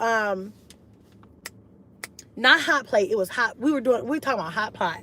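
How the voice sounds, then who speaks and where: A woman hosting her own channel as a mom vlogger, chatting casually through a livestream and reading viewer comments in slangy, relaxed talk, often jumping high in pitch. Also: normal speed.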